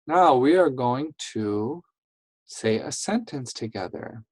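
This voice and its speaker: A woman teaching a phonics lesson to young English learners, saying each word slowly and clearly and praising the children. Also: a bass voice, animated, darkish tone, dry recording, rough recording. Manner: slow, clearly enunciated, encouraging classroom talk.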